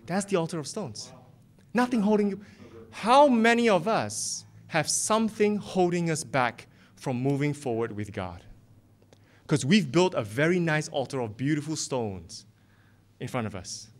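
A man's voice: on the high side, very animated, unhurried. A man preaching a sermon as pastor, impassioned and firing off rhetorical questions.

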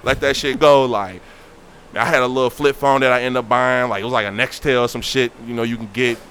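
Animated man telling a story. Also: mid-range voice, a little fast, a little hiss or hum. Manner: animated, acts out quoted voices. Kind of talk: casual storytelling.

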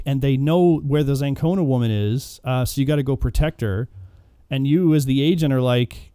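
Man retelling film scenes, mellow dry voice. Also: mid-range voice, moderate pace, clean tone, no echo. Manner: animated, acts out characters' lines. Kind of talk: casual movie discussion.

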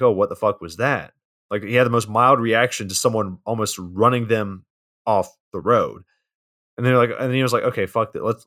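Low-voiced laid-back man recapping a movie. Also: a bit bright. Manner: laid-back plot recap, swears often. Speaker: podcast co-host. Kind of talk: casual movie review chat.

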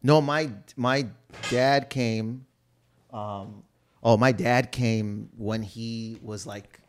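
A man's voice: mid-range voice, fairly even intonation, very slow, slight background noise. A young man from Canada, co-hosting a casual chat, telling rambling family anecdotes with many restarts, trailing fillers and laughs.

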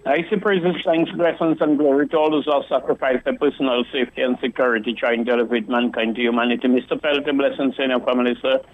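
A man's voice: mid-range voice, steady tone, quick pace, few pauses. A male caller, speaking passionately and repetitively to a radio host and often saying the host's name. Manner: impassioned, repetitive, keeps addressing the host by name. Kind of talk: call-in radio rant. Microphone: telephone. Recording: phone-line caller audio.

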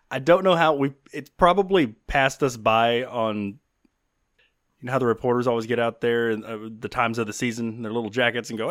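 A man co-hosting a laid-back talk show, joking around and laughing often. His voice sits at an ordinary pitch and sounds dry and close to the mic. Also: normal speed, pauses often, fairly bright tone, no room sound. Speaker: podcast co-host. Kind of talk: casual chat.

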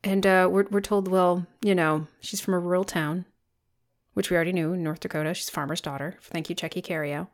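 A woman co-hosting a podcast, recapping a film in casual chat with sarcastic, animated storytelling and plenty of swearing. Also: on the low side, brisk. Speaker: podcast co-host.

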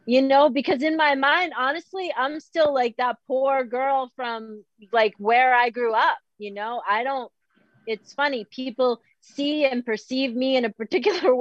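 A middle-aged woman from Boston, a guest talking candidly in an animated, self-deprecating way and often quoting herself. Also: a little high, no echo, lo-fi sound. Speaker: podcast guest. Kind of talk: candid conversational chat.

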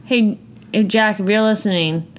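A woman's voice: mid-range voice, normal speed. Casual teasing woman, co-host chat, giggles a lot. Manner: teasing, laughs often. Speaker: podcast co-host.

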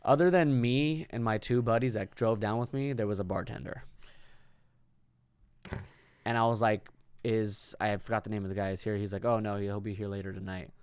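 Male host, blunt and to the point, smooth tone, dry close sound. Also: fairly low pitch, fairly even intonation, normal speed, long pauses, no echo. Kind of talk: casual chat.

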